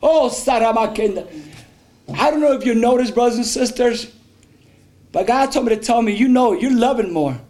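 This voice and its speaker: A man's voice: very high voice, lively intonation, a little fast, a little mellow. A male pastor preaching a fervent sermon, trading call-and-response with his congregation and breaking into speaking in tongues.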